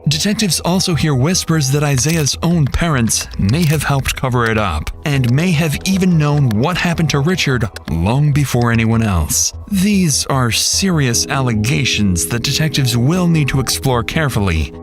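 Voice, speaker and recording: A man giving scripted true crime narration in a measured, suspenseful delivery. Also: mid-range voice, lively intonation. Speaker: documentary narrator. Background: faint music.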